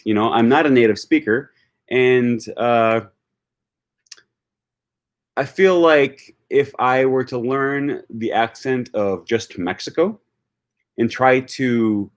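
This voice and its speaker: A man talking off the cuff on his own channel about learning languages, with many fillers and restarts. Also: medium pitch. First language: English. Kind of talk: unscripted video talk.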